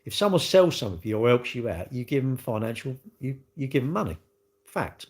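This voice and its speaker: Man, blunt, rambling livestream chatter, mid pitch, ends lines with tag questions. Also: very animated, a little fast, darkish tone. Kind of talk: casual livestream chat. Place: indoors at home.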